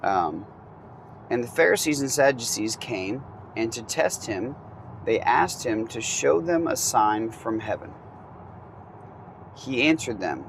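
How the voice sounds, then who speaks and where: A man teaching from the Bible in a relaxed, conversational way, reading passages and adding casual asides. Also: medium pitch, slow, vocal fry, long pauses, slight background noise, low-quality recording.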